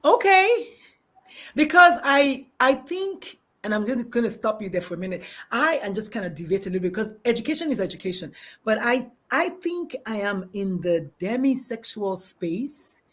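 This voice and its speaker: Bubbly, animated middle-aged woman. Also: on the high side, normal speed. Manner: bubbly, animated, laughs often, restarts sentences. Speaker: talk show host. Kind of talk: live-streamed casual chat. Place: backyard, outdoors.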